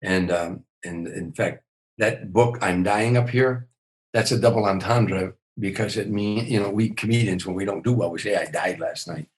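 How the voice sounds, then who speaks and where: Speaking at a normal speed with a lowish voice, an older comedian shares animated stories as a guest in a podcast interview. He often repeats words as he gets a sentence going. The recording is rough.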